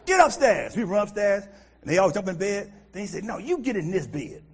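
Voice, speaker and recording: A middle-aged American man preaching a sermon as pastor, animated, swinging from loud outbursts to quiet asides. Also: high voice, fairly quick, breathy edge. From United States.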